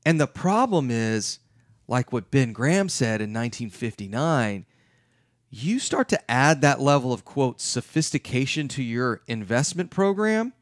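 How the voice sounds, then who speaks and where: A middle-aged man giving an emphatic, lively talk as a real estate investment educator. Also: mid-range voice, no echo, studio quality. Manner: emphatic, acts out his clients' questions.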